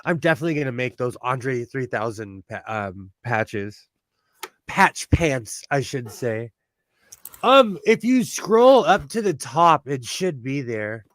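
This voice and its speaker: A youthful-sounding man from California, with a Californian accent, chats casually on his sewing livestream, laughing often and restarting sentences. His mid-range voice is very animated and a bit bright, moving at a slow pace. The recording is dry.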